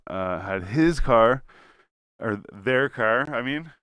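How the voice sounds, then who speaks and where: A man's voice: slow pace, smooth, dry recording. Profane, rambling man telling a story. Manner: animated, jumps in pitch when quoting people. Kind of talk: casual podcast chat.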